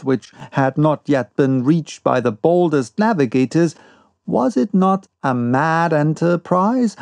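A man reading an unabridged classic novel aloud chapter by chapter, in a slow, measured manner. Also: a little high, gravelly, mellow, no room sound. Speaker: audiobook reader. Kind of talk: unabridged audiobook narration.

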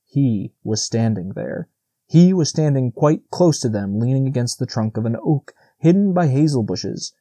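A man narrating a classic children's novel as an audiobook, steady and even. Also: mid-range voice, normal speed, dry recording. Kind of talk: scripted narration.

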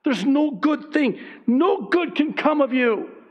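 A man preaching a sermon as pastor, emphatic and swinging between loud and hushed. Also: extremely high pitch, animated, takes it slowly, lo-fi sound.

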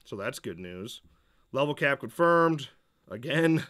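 A young male streamer with a bright, forceful voice talks through a game update in casual, rambling commentary. He is opinionated and keeps restarting his sentences as he thinks aloud, at an ordinary mid-range pitch. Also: expressive, unhurried. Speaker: streamer reacting to a developer Q&A.

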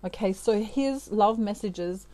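A woman's voice: mid-range voice, measured pace, warm tone, low-quality recording. A woman giving a channelled tarot reading in a chatty way, often checking in with "okay?" and laughing at herself. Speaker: tarot reader.

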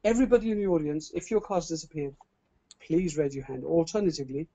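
A man's voice: a little high, fast talker, low-quality recording. A man hosting an online webinar, presenting with showman energy and often repeating words as he goes. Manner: showman, repeats words, stumbles when excited. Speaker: webinar host.

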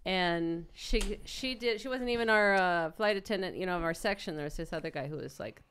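A woman's voice: lowish voice, a little fast, fairly bright tone, clean tone. A woman co-hosting a podcast, telling a story in casual chat with many restarts and frequent laughter. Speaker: podcast co-host.

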